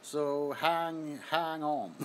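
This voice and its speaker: Livestreaming from an apartment bedroom on his phone, a man sweaty from the heat greets viewers and laughs often as he chats casually. His voice is fairly high with a steady tone, delivered very slowly, and there's a little hiss or hum.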